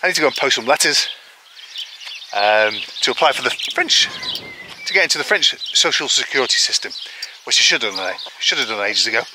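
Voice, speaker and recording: Man, vlogger, mid-pitched, rambling self-mocking chat; recorded outside with clear country noise and birdsong. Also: expressive, fairly quick. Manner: chatty, rambling, self-deprecating humor. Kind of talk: casual vlog chat. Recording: rural outdoor noise with birds.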